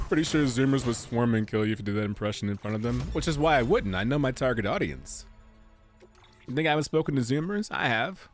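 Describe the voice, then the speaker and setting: A man's voice: mid-range voice, expressive, fast talker, faint music behind. A man streaming a video game, making jokey, rambling comments with goofy asides. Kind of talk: casual gameplay commentary.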